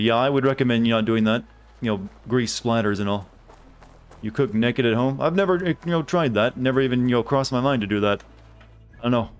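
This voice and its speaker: Rambling, joking male streamer, mid-pitched voice, faint music behind. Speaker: game streamer. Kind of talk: casual gameplay commentary.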